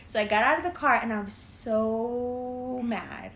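A young woman tells a wild story to her friends in a bright, fairly high voice. She laughs between sentences, leans on "like" constantly, and acts out what everyone said. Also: normal speed, hardly any pauses. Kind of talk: casual chat.

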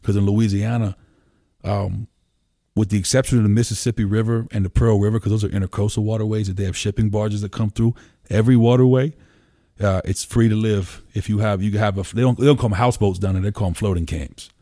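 This podcast guest from Pennsylvania speaks quickly in a mellow, fairly low voice with fairly even intonation. He swears casually and fills his loose storytelling with "you know," recorded cleanly in a home room with no room sound.

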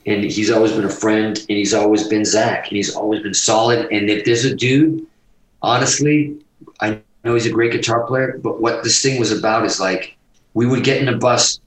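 Animated, cursing man in an echoey room. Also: on the low side, normal speed. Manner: animated, profane, rambling. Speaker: guitarist guest. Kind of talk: casual storytelling interview.

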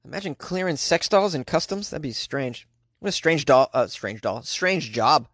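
A man with a slightly high voice reads odd news stories as a comedian host, breaking off for wry jokes of his own. The sound is close and dry, with no room around it. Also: animated, moderate pace, fairly bright tone, no echo. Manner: wry, jokey asides. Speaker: podcast host.

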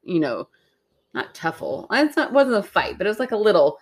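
A woman's voice: mid-range voice, big pitch swings, fast. A woman co-hosting a podcast, telling a story in casual chat, laughing often and acting out quotes. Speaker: podcast co-host.

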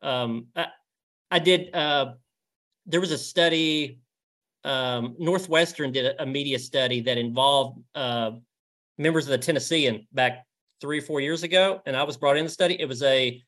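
Guesting in a casual interview, a reporter with a Southern US drawl stumbles over his words, restarting often and leaning on fillers. His voice is mid-range and a bit bright, at an ordinary pace.

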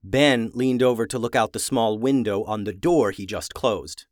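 A man reading a children's story aloud, expressive and animated. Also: fairly low pitch, moderate pace, no room sound, studio quality. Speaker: narrator.

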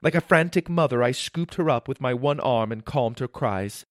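A man narrating a children's adventure story in first person, animated and voicing the sound effects himself. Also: medium pitch, moderate pace, no room sound, clean studio sound.

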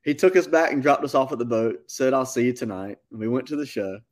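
A man, a musician guest telling a long story in a casual, animated interview. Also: mid-range voice, fast talker. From North Carolina. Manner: animated anecdote-telling, with quoted asides.

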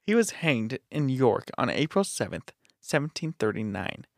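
A man's voice: medium pitch, big pitch swings, normal speed, creaky, no room sound, studio quality. A man co-hosting a podcast, casually reading spooky forest history aloud with offhand asides. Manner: reads aloud with asides and swearing. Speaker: podcast co-host. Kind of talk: casual reading of ghost stories.

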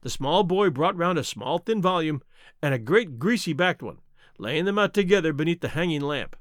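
A male narrator reads a classic mystery in measured, even tones. His voice sits high and moves with lively pitch changes. The recording is close and dry, with no room sound. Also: no room sound. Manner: measured storytelling. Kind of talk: scripted audiobook narration.

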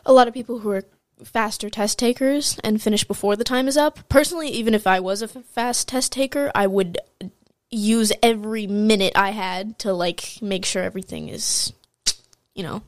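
A woman's voice: medium pitch, normal speed, dry recording, studio quality. A teenage girl co-hosting a podcast, talking in a chatty, rambling way with lots of "like" and "um". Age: teens. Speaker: podcast co-host, high school student. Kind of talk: casual chat.

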